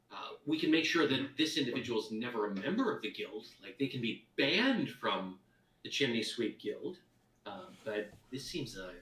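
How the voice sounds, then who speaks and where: A man's voice: mid-range voice, fairly bright tone. A man narrating as game master, hesitant and full of fillers while he plays a guard captain. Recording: echoey room, voice far from mic.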